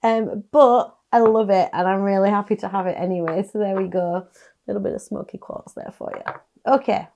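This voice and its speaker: Gravelly-voiced chatty woman tarot reader. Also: medium pitch, steady tone, moderate pace, lo-fi sound, slight background noise. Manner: chatty, soft-spoken, with little sighs and laughs. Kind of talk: casual tarot reading to camera.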